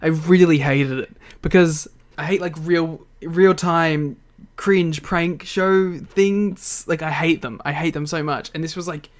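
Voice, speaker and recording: A podcast co-host reacting in animated, exasperated casual chat about a bad wrestling segment, laughing often. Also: medium pitch, measured pace.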